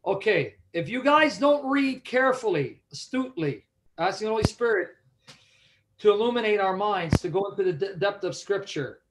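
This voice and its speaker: A man leads a Bible study in a fairly high voice. He is emphatic and keeps quizzing his listeners to make sure they follow. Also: expressive, moderate pace, background noise. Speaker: Bible teacher.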